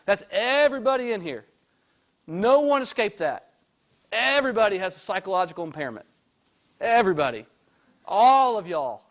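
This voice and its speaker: High-voiced man giving a casual talk. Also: very animated, normal speed, pauses often, fairly bright tone. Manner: conversational, frequent "okay?" and "right?" check-ins, joking. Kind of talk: informal lecture to an audience.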